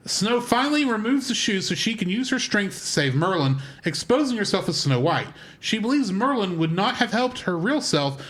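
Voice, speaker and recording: A man co-hosting a film podcast, reading out a plot summary and trivia in a steady read-aloud way with small slips. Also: high-pitched. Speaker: podcast co-host.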